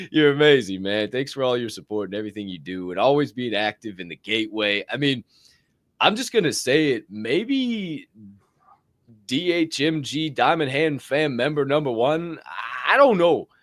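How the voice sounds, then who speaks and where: A man hosting a podcast, giving energetic shout-outs in casual chat, swearing freely and whooping. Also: mid-range voice, dry recording, studio quality. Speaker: podcast host.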